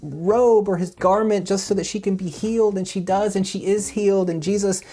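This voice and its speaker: A man teaching a children's Bible lesson in a casual, animated storytelling way, with big swings in pitch. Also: normal speed. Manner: casual, with fillers and restarts. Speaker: children's minister.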